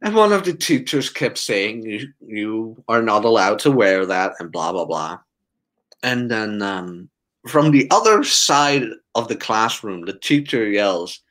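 A young man chatting casually, an animated storyteller who laughs often and acts out quotes. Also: on the low side, unhurried. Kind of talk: casual chat.

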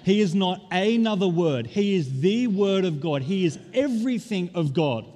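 A man preaching a sermon as pastor, stressing key words and drawing them out slowly. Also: high voice, lively intonation, darkish tone. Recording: long reverb of a large hall.

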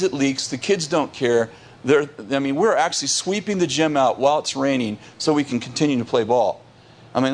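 A man who is a pastor, telling a lively story on a podcast, laughing often and restarting his sentences. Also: a little high.

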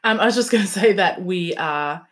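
A woman's voice: fairly low pitch, moderate pace. A woman chatting casually about books on a podcast, giggly and trailing off with ums. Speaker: book podcast co-host.

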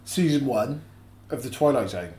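A man's voice: medium pitch, animated, moderate pace, mellow, echoey room. A man co-hosting a casual podcast chat, animatedly retelling plots at length. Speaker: podcast co-host.

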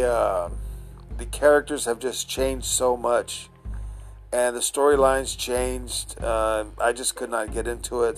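A man talking casually on his own, meandering from point to point with lots of restarts and pauses to search for words. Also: medium pitch. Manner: meandering, chatty, frequent uh fillers and restarts. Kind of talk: casual rambling monologue.

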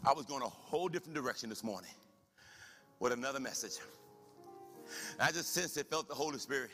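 Animated male preacher in a reverberant hall. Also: mid-range voice, fast, faint music behind. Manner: animated preaching, swings from soft to shouted. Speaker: pastor. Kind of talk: sermon. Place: church sanctuary.

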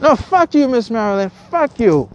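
A woman's voice: fairly high pitch, big pitch swings, moderate pace, darkish tone, muffled recording, slight background noise. A woman vlogger delivering a heated, profane rant to her viewers, repeating herself, stumbling over restarts and swearing constantly. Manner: angry, repetitive, stammering restarts, swears constantly.

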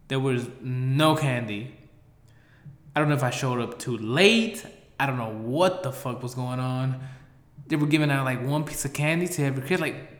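A man telling a rambling, profane story, blunt and swinging between loud outbursts and low mutters. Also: reverberant.

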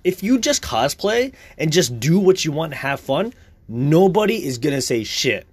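A man's voice: a little high, very animated, normal speed, husky. A young man talking casually, blunt and profane, in a heated rant.

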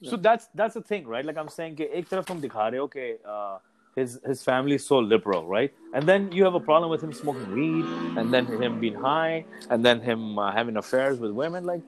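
A man's voice: medium pitch, expressive, fast. A man co-hosting a podcast, telling stories in casual chat and imitating the people in them. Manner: storytelling, mimics the people in his stories.

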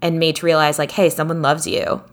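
A woman's voice: deep voice, little pitch movement, a little fast. A woman co-hosting a podcast in casual chat, rambling with many filler words as she animatedly retells a story. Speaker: podcast co-host.

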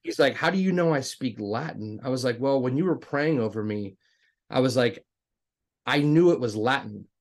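A man telling a personal story in casual conversation, animated and talkative, acting out the dialogue in a raised voice. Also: mid-range voice, normal speed. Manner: self-described jokester, talkative with many restarts. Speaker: guest telling his faith story.

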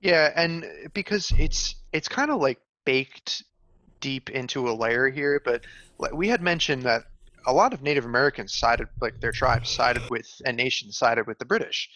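A man's voice: mid-range voice, normal speed, sharp tone, no echo. A young man co-hosting a casual history podcast, talking things through conversationally with fillers. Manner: conversational, thinking aloud with fillers. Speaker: co-host.

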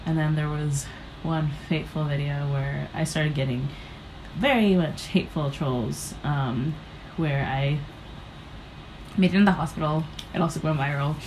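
Low-voiced young woman telling stories casually. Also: measured pace, darkish tone, slight background noise, rough recording. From United States. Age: young adult. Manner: rambling, filler-heavy, acts out her own past reactions. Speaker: guest, comedian. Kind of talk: casual interview storytelling.

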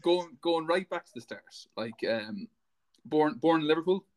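A man hosting a podcast, asking questions in a halting way and repeating words. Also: a little high, expressive. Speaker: podcast host. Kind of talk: casual interview.

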